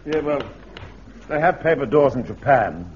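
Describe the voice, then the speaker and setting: An actor playing a vague, well-mannered, gently wry chief clerk and sergeant in a radio sitcom, heard on a dull archive recording. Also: male voice, medium pitch, expressive, moderate pace, a little hiss or hum, close to an everyday voice. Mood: languid. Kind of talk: 1970s radio sitcom acting.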